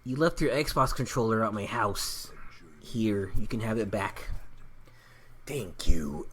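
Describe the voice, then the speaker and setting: Low-voiced joking woman gamer. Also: slow, slight background noise. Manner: joking, profane, laughs often. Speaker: gaming video host. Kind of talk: let's-play commentary.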